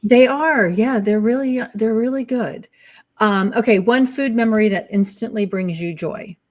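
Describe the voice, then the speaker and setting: A woman hosting a casual interview podcast, reacting upbeat with quick affirmations and asking questions. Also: on the high side. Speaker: podcast host.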